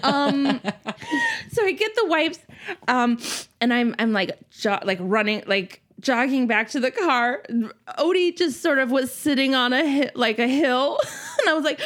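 A woman's voice: on the high side, lively intonation, a little slow, a bit bright. A woman in her thirties tells a funny story in casual chat, full of laughs and acted-out panicked quotes.

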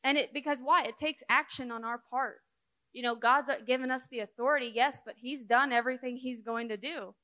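A woman's voice: high-pitched, fairly even intonation, fairly quick, bright, forceful tone. A woman minister giving a conversational sermon, chatty and full of fillers, acting out quoted prayers and replies. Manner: chatty, full of "like" and "you know".

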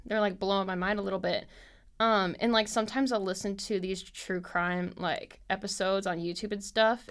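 A woman in her twenties hosts a podcast, talking briskly in a medium-pitched, slightly bright voice. Her casual chat is scattered and rambling, packed with fillers and frequent laughter.

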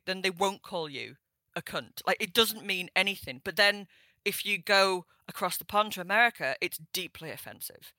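A woman with a northern English accent, chatting as an interview guest in a lively, playful way. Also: fairly low pitch, dry recording. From northern England. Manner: chatty and animated, playful with swear words. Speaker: guest sex historian. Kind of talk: casual interview chat. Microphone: remote call.

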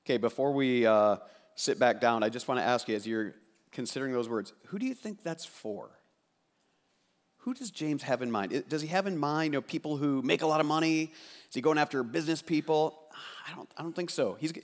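A man preaching from a church stage in a mid-pitched voice. He talks to the congregation conversationally but with emphasis, doubling words to drive a point home. He shifts between reading scripture, praying and explaining. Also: lively intonation, normal speed. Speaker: pastor. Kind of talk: sermon with scripture reading and prayer.

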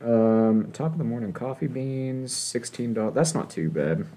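A young man co-hosting a casual, crude podcast chat, joking loudly and laughing often. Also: medium pitch, lively intonation, moderate pace. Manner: loud, joking, laughs often, puts on silly voices. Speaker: podcast co-host.

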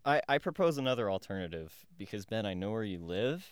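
Young man, animated smooth voice, dry close mic, teasing and laughing co-host. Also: fairly low pitch, quick pace, no room sound. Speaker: podcast co-host. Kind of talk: casual chat.

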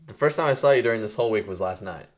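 A young man with a low voice that swings up and down a lot as he talks. He co-hosts a casual podcast chat, full of jokes and laughter, and slips into silly voices to act out scenes. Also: animated, very fast. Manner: laughing, jokey, acts out bits in put-on voices. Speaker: podcast co-host.

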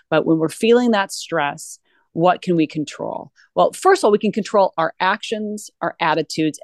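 A woman guest speaks earnestly and with animation in a conversational interview, often restarting her sentences. Her voice is fairly low in pitch, with no room sound.

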